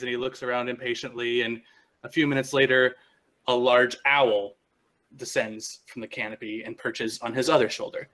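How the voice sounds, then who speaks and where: A man narrating as game master of a tabletop game, relaxed and halting. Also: mid-range voice. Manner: relaxed, halting, many restarts.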